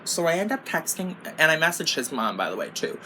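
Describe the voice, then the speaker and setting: Low-voiced woman venting, swearing a lot. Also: sing-song, a little fast, sharp tone, a little hiss or hum. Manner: profane, exasperated and rambling, lots of "like". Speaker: beauty vlogger. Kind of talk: casual storytime chat.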